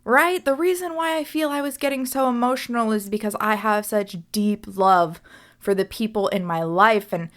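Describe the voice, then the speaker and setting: A woman's voice: mid-range voice, moderate pace. A young woman hosting a reflective solo podcast as a coach, speaking earnestly and often checking in with "right?".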